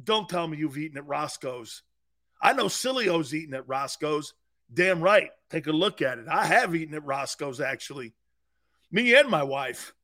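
Brash, high-voiced male sports talk host. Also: expressive, moderate pace, pushed and bright. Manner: brash, boisterous, laughs often.

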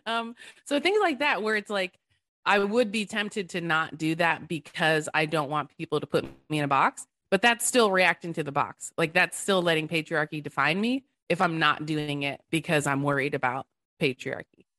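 A woman in her thirties speaks as a podcast guest in casual conversation, earnest and animated, with an easy laugh. Her voice sits a little low for a woman. The recording is close and dry. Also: moderate pace, no room sound.

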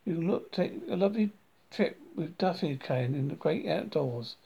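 A man's voice: on the high side, animated, moderate pace, vocal fry, warm tone, breathy edge, muffled recording, exaggerated voice. A man voicing a cheerful middle-aged dad, coaxing and upbeat.

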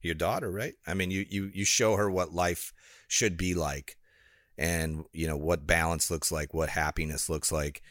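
A middle-aged man with a very deep voice talks calmly in casual chat. His tone is reflective and encouraging. The sound is dry and close. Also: moderate pace, dry recording.

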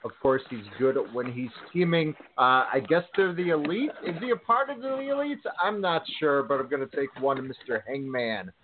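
A man guesting on a casual wrestling podcast, pausing and restarting as he decides. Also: mid-range voice, sing-song, slight background noise. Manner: hesitant, stops and restarts while deciding. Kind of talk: casual wrestling fantasy draft chat. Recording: tinny phone-line audio.

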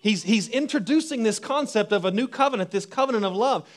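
A man preaching a sermon as a pastor, animated with stumbles and restarts, reading scripture slowly and deliberately. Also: high-pitched.

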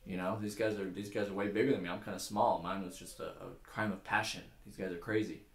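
Panicky prison newcomer, swearing, a man doing the voice, low, echoey. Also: fairly even intonation, quick pace. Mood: scared. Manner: panicky, cursing. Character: frightened small male prison inmate.

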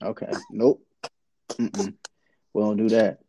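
A man's voice: lowish voice, flat delivery, takes it slowly, noisy background. A man co-hosting a casual podcast, hesitant, trailing off and laughing often. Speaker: podcast co-host.

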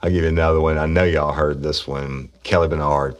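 A man's voice: extremely low pitch, fairly even intonation, a little fast. A middle-aged man, a former police officer, telling rambling, profane stories in casual talk. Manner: rambling, profane, with frequent restarts. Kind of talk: casual storytelling.

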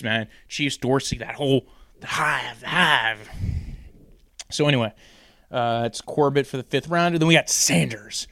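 A man's voice: mid-range voice, sharp tone, no room sound, clean studio sound. A young man hosting a casual fantasy football talk show, rambling and jokey with lots of fillers and tangents. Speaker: sports podcast host.

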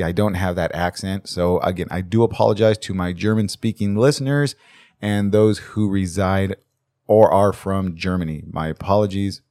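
A man's voice: deep voice, a little mellow, no echo, studio quality. Rambling, profane podcast host man. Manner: rambling, profane, stammers and restarts. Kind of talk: casual true-crime podcast chat.

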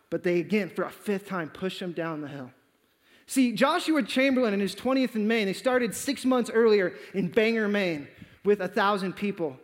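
Guy preaching, high voice, big dramatic storytelling, long church reverb. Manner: dramatic, acts out quoted dialogue. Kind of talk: sermon storytelling.

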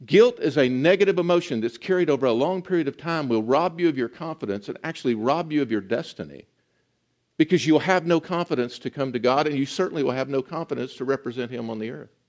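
A man preaching a sermon in an earnest, emphatic teaching manner. He slows down to stress words and drops to a soft voice at times. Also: medium pitch, animated. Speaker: pastor.

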